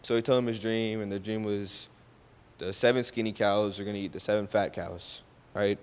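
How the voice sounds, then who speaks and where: In a clear, resonant, lowish voice, steady in tone and normal in speed, a man casually retells a Bible story. He keeps checking in with his listeners using "right?" and corrects his own slips. The sound has a long hall reverb.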